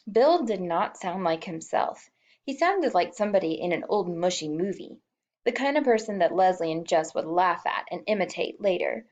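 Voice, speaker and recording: A woman's voice: fairly low pitch, lively intonation, moderate pace, darkish tone, highs cut off. A woman reading a novel aloud as an audiobook, emotive and lightly voicing the characters. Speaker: audiobook reader.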